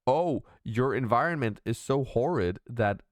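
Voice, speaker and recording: A man's voice: medium pitch, animated, measured pace, no echo. A man hosting a music reaction video, talking through his thoughts in a searching, casual way and swearing freely.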